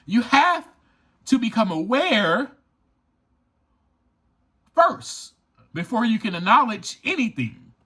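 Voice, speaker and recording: Man, podcast host, motivational talk, high lively voice, emphatic, repeats himself. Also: takes it slowly, pauses often, slightly rough. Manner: emphatic and preachy, repeats key lines.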